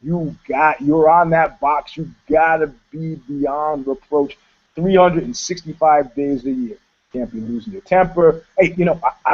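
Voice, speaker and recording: Animated storytelling man, lo-fi sound. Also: a little high. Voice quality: animated, profane, laughing storyteller. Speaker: co-host. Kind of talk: casual storytelling chat. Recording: dull lo-fi sound.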